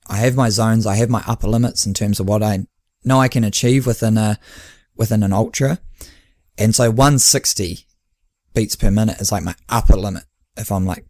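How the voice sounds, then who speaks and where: A New man with a lowish voice chats on a podcast in a loose, rambling way. He laughs often and acts out his own lines of dialogue. The recording is dry and close. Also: darkish tone, no echo. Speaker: podcast co-host and endurance coach. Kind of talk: casual chat.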